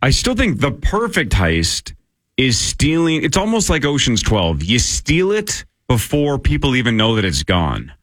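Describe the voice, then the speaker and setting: A male host trading jokes with his co-hosts on a studio show. His pitch leaps wildly up and down as he talks. The sound is dry and close to the mic. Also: a little slow, no echo. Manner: animated, jokey, bursts into put-on voices. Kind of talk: casual studio banter.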